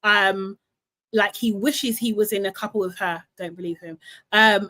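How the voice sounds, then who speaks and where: A woman hosting a casual live recap, retelling the drama in a chatty, animated way with some swearing. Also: medium pitch, normal speed, no room sound. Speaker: reality show recap host.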